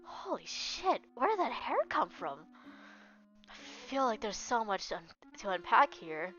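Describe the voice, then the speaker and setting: A woman's voice: on the high side, very animated, measured pace, fairly bright tone. A woman streamer making casual, joking comments while reading a visual novel aloud. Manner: chatty, joking reactions. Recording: dull lo-fi with faint music.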